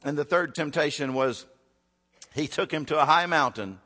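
A male preacher delivers a sermon, rising to loud peaks and dropping to a hush. His voice is bright and forceful. It carries with the long reverb of a large church hall. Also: on the high side, moderate pace. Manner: dynamic, swings from loud to hushed, rhetorical questions.

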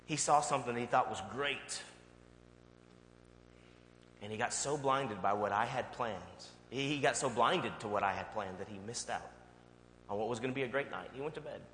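A male pastor preaching a sermon and telling a personal story in a conversational, animated way. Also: medium pitch, moderate pace, long pauses. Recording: long hall reverb, faint hum.

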